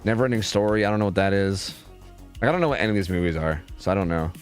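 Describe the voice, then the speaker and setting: A man's voice: low voice, rapid-fire, soft background music. A man chatting casually with his stream viewers, rambling and swearing a lot, full of fillers. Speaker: streamer and game caster.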